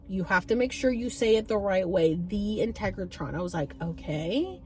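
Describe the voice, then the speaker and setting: A woman in her thirties telling stories to camera in a chatty, animated way, swearing now and then. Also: medium pitch, normal speed, hardly any pauses, husky. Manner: chatty, animated, swears freely, many fillers. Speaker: vlogger. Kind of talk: casual storytelling to camera.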